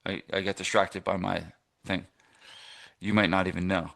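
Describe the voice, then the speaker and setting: Man, middle-aged, from New Jersey, low voice, casual rambling coaching talk, lots of fillers. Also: level tone, normal speed, gravelly, fairly bright tone. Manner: rambling and conversational, with many fillers and restarts. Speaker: fitness business coach. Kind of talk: live masterclass coaching.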